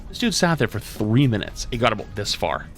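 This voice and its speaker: A man's voice: fairly low pitch, a little fast, creaky, faint music behind. A man streaming, casually telling a profane, exasperated story about his day. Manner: animated, profane, exasperated retelling.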